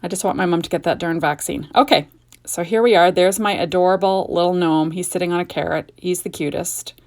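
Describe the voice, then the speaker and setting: A woman's voice: lowish voice, brisk, a little mellow. A middle-aged woman hosting a casual card-making tutorial at home, chatty and gushing, with rambling asides. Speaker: card-making video host. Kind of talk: casual craft tutorial chat.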